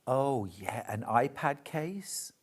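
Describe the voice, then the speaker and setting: A woman's voice: extremely low pitch, animated, slow, a little mellow. A woman with a British accent presenting a live shopping show, chatting to viewers and gushing over fabrics. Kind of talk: live sales demonstration.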